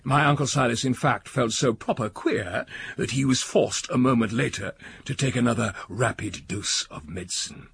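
A man narrating a story in an audiobook reading, slow and richly expressive. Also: mid-range voice, creaky, husky.

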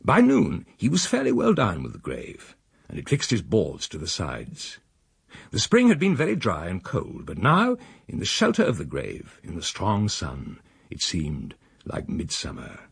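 A man reading a story aloud in an expressive, wry manner. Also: measured pace, gravelly, husky, no room sound. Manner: expressive, sweeping pitch, wry. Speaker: narrator. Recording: dry close recording.

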